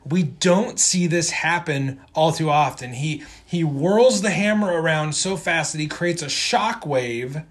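Brief: male co-host with a fairly high voice, relaxed, rambling comic recap. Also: measured pace, hardly any pauses. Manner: rambling, many ums and restarts. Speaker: podcast co-host. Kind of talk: casual comic book recap.

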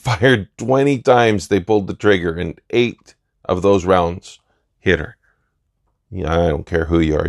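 A man giving an earnest opinion monologue in deliberate short phrases. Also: low-pitched, darkish tone, no echo, studio quality. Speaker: commentator.

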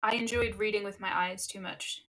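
A woman's voice: medium pitch, fairly even intonation, normal speed, pushed and bright, rough recording. A young adult woman co-hosting a podcast, chatting casually and agreeably about books. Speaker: podcast co-host. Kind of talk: casual book chat.

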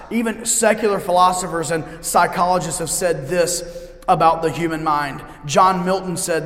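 A middle-aged man preaches from the pulpit, emphatic and fond of repeating his key lines slowly. His voice sits a little higher than most men's. The sound carries through a roomy church with a long, echoing tail. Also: fairly bright tone. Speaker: pastor. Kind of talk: sermon. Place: church sanctuary. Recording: echoey hall with long reverb.

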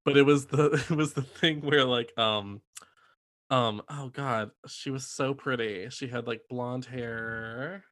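A man in casual chat who talks animatedly, swears freely and acts out reality-show quotes in exaggerated high voices. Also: steady tone, slow, a bit bright, no room sound, studio quality.

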